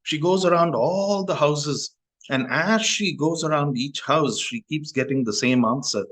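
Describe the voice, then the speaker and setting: A man's voice: fairly high pitch, a little slow, a bit bright, rough recording. A male Buddhist monk telling a story in a Dharma talk, talking in a loose, conversational way with restarts and asides.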